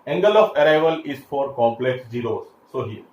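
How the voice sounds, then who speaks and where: A man's voice: mid-range voice, lively intonation, normal speed, lo-fi sound. A man teaching a classroom lecture, explaining step by step with frequent fillers and restarts. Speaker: engineering lecturer. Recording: echoey room, faint background hiss.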